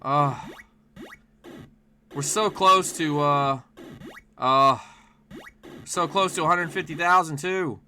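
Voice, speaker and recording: A man streaming live gameplay, chatting to viewers and yelping and shouting at the game. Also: a little high, takes it slowly, pauses often, slight background noise. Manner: excitable, yelps and shouts at the game; chats to viewers between plays. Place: home, with his dog in the room.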